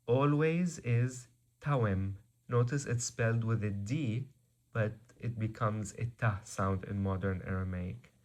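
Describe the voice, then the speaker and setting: A man teaching a vocabulary lesson, slow and methodical, repeating each word. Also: on the low side. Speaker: language teacher.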